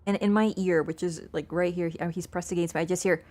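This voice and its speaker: A woman's voice: fairly low pitch, fairly even intonation, fast, a little mellow, slight background noise. A woman game streamer in casual live-stream chat, playful and chatty, talking to her cat between lines and laughing easily. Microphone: wearing an earbud headset.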